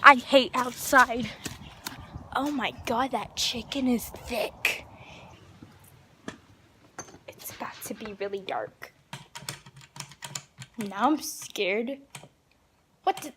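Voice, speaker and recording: A young woman vlogging on her phone in a backyard, excitable and giggly, gasping and sometimes dropping to a whisper. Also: a little high, takes it slowly, long pauses. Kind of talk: casual vlog chatter. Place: backyard outdoors. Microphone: handheld phone. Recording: noisy outdoor phone recording. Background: outdoor ambience with animals.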